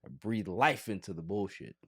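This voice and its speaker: A man hosting a casual sports podcast, joking and theatrically pleading in an animated way. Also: on the low side, moderate pace, husky, dry recording, clean studio sound. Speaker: podcast host.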